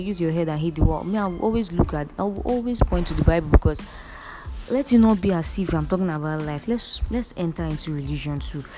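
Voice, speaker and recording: A young woman with a Nigerian accent telling her own story to viewers in an earnest, emphatic way, often calling out to them directly. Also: fairly low pitch. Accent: Nigerian English. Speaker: vlogger. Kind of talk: casual direct-to-camera storytelling.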